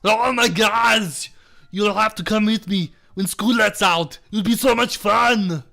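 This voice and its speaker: Fields: Figure: a bubbly young tank girl, played by a man. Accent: put-on German. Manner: giddy, gushing. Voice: bright, gravelly. Behind: faint music. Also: sits high, slow pace, heavily acted.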